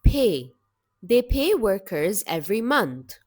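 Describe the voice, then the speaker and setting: A woman teaching English vocabulary in a slow, deliberate scripted lesson, with measured, clear word-by-word delivery. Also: mid-range voice, sing-song, a little mellow, no echo, clean studio sound, soft background music.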